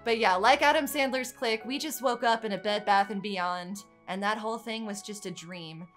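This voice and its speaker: A woman's voice: medium pitch, moderate pace, faint music behind. Chatty woman narrating her game. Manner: chatty, reacts loudly, swings from calm narration to panicked dismay. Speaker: gaming channel host. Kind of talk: casual let's-play commentary.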